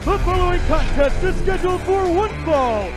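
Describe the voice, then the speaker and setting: A man working as ring announcer, introducing a wrestler with drawn-out, booming delivery. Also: expressive. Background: entrance music.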